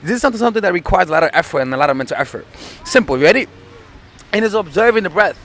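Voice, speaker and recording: A man's voice: high voice, expressive, rapid-fire, a bit bright. A man speaking as a dating coach in an advice video, earnest and insistent, often repeating words as he gets going.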